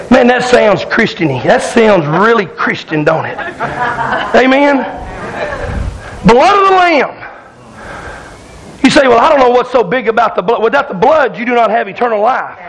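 High-pitched hollering preacher man. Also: poor audio. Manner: loud, hollering Southern-style preaching with call-outs to the congregation. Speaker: pastor. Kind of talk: fiery sermon. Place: church sanctuary with congregation.

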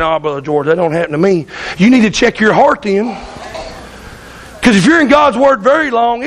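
A man's voice: very high-pitched, low-quality recording. A man preaching a sermon as pastor, talking emphatically and often asking his congregation "Amen?".

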